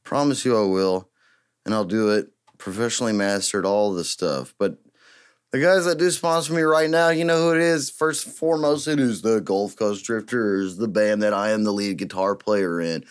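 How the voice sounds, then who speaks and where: A man hosting a podcast in a casual, joking, rambling way, getting excited as he riffs. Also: on the low side, moderate pace, smooth. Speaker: podcast host and guitarist.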